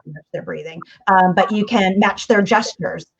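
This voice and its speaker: A woman coach talks through communication advice in a casual interview. She keeps it lively and slips into the voices of the people she quotes. The audio sounds dull and lo-fi. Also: medium pitch, moderate pace, vocal fry, a little hiss or hum. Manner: animated, acts out quoted voices.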